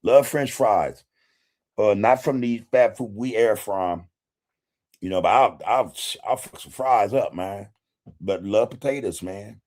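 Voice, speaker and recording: A man's voice: fairly low pitch, a little slow, a little mellow. A man hosting a casual livestream, reading chat comments in a laid-back way, swearing freely and chuckling often. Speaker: podcast host reading live chat.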